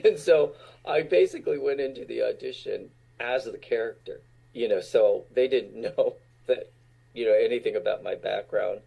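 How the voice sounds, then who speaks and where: A man's voice: mid-range voice, moderate pace, gravelly, husky, dull audio. A man in his sixties from Utah, a guest actor telling casual stories and laughing often. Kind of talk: casual storytelling.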